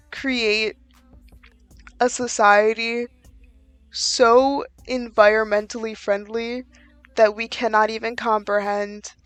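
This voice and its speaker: A woman's voice: a little high, fairly bright tone, dry recording. A woman giving a casual book review, chatty and exasperated, with lots of "like" fillers.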